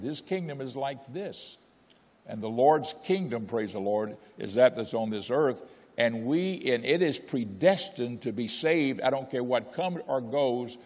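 A man's voice: mid-range voice, darkish tone, big-room sound. An older man preaching a sermon, exhorting with repetition and telling folksy personal stories. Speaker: pastor.

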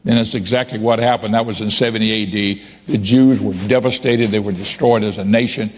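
A man's voice: fairly low pitch, steady tone, brisk, in a large hall. A man preaching a sermon as a bishop, quoting scripture and raising his voice emphatically for key points.

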